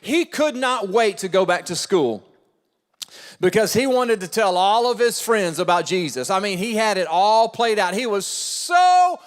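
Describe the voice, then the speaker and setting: Brief: male pastor with a high voice, an emphatic preacher who repeats his points, heard in a reverberant church hall. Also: moderate pace. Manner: emphatic, repeats key phrases. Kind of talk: sermon. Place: church auditorium.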